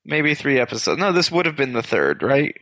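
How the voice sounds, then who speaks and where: A man's voice: medium pitch, sing-song, brisk, a bit bright, no room sound. A man hosts a podcast in easy casual chat, wandering through his points and stopping to correct himself. The sound is dry and close, with no room around it. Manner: rambling, self-correcting. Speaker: podcast host.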